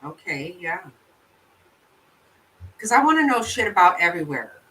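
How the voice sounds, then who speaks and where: Blunt, bright-voiced woman streamer. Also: on the low side, sing-song, normal speed, far from the mic, poor audio. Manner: blunt and profane, laughs easily. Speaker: livestream host. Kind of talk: casual chat reacting to viewer comments.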